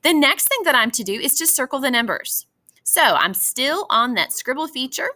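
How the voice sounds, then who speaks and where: Woman teacher, fairly high, patient and encouraging classroom walkthrough. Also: very animated, normal speed, pushed and bright. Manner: patient, encouraging, addresses students as boys and girls. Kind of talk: classroom math lesson walkthrough.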